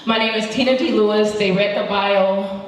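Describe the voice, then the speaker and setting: A woman's voice: mid-range voice, fairly even intonation, normal speed. Motivational speaker, woman from South Central LA, chatty and playful with the crowd; roomy, far-off live hall sound. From South Central Los Angeles. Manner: chatty, playful storytelling with audience call-outs. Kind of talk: live motivational talk to an audience. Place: event hall with audience. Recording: echoey hall, distant mic.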